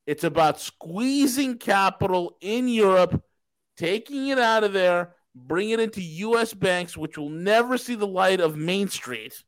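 A man with a high-pitched voice delivers an emphatic, profane rant on the economy, posing rhetorical questions and answering them himself. The sound is close and dry, with no room echo. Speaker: podcast host. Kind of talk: casual markets commentary.

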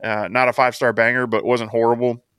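A man's voice: mid-range voice, flat delivery, fast talker, fairly bright tone, smooth, dry recording, clean studio sound. A man co-hosting a casual wrestling podcast, recapping in a chatty way and laughing as he acts out quotes. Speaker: podcast co-host.

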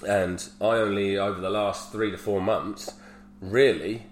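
Man with a low, roomy voice. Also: flat delivery, measured pace. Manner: candid storyteller, swears freely. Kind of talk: casual chat. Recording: roomy echo with faint hum.

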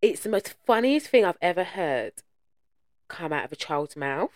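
Lively, animated woman co-host. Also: fairly low pitch, normal speed, no echo, studio quality. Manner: animated storyteller who swears freely. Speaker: podcast co-host. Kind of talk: casual chat.

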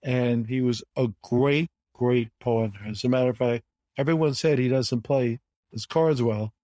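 A man in his seventies from the United States, a guest telling animated stories with emphatic repetition in an interview. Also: mid-range voice, a little slow, no echo. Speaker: guest, bridge champion. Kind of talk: conversational storytelling interview.

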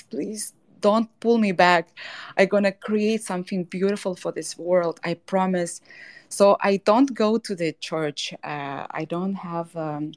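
Low-voiced woman telling a personal story. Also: a little mellow. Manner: emotional storytelling, fillers and restarts. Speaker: guest artist. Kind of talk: personal story in a podcast interview.

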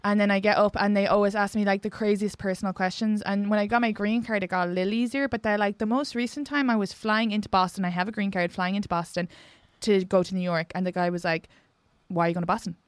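A woman's voice: mid-range voice, fairly even intonation, fast, smooth, no echo. A woman, a guest comedian, chatting casually, laughing and correcting herself as she goes. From Ireland. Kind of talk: casual chat.

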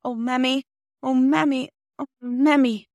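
A woman's voice: high voice, expressive, brisk, dry recording, clean studio sound, pitched above the performer's own voice. A woman voicing a tearful, earnest young girl. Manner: pleading, tearful.

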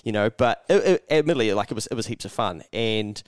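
With a fairly low, smooth voice, he talks animatedly and quickly in a clean studio setting with no echo. The young New Zealand podcast co-host tells a story in casual conversation, swearing frequently and playing out what he was thinking.

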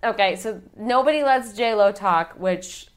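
A woman in casual podcast talk, walking through a movie's plot in a chatty, lively way. She often drops into brief impressions of the characters as she retells scenes. Her voice sits at an ordinary middle pitch. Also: moderate pace. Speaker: podcast co-host. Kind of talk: casual movie recap chat.

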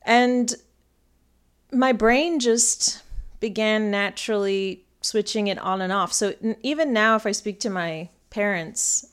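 A woman's voice: mid-range voice, measured pace, smooth. A woman from northern England who speaks with an American accent, talking in a chatty, rambling podcast monologue full of ums. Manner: chatty, rambling, frequent ums and light laughs. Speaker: astrologer and podcast host. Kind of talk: casual solo podcast talk.

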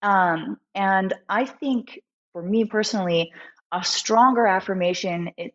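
A woman guest musician telling a personal story in a candid interview, animated and full of fillers. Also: medium pitch, a little slow, lo-fi sound.

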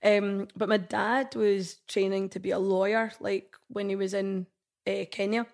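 A woman in her thirties with a Scottish accent, a podcast guest chatting casually, quick to laugh and full of "like". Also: mid-range voice, flat delivery, vocal fry, darkish tone. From Scotland. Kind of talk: casual chat.

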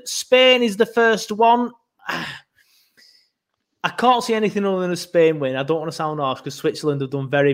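Bloke chatting footy, kinda high voice, lots of ums. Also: male voice. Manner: laid-back, hesitant, many fillers. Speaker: podcast co-host. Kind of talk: casual football chat.

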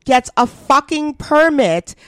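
A woman co-hosting a podcast who talks in a heated, indignant way and swears freely. She speaks slowly in a slightly high voice, and the recording is close and dry. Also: expressive, fairly bright tone, dry recording. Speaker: podcast co-host. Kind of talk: casual political chat.

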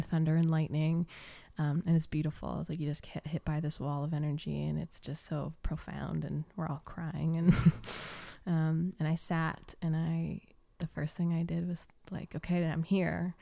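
Rambling, laughing woman with lower voice. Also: vocal fry. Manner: rambling, heavy use of "like" and "um"; breaks into soft laughs. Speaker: podcast guest, yoga teacher. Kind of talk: casual storytelling.

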